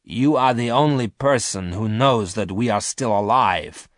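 A man's voice: lowish voice, a little slow, no room sound, clean studio sound, natural voice. A man voicing a ruthless male space thief who leads his crew, speaking harshly and commandingly in a storybook reading. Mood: threatening.

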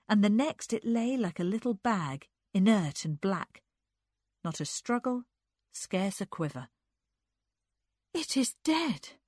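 A woman narrating a literary story aloud in an unhurried, expressive reading. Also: mid-range voice, no room sound, clean studio sound.

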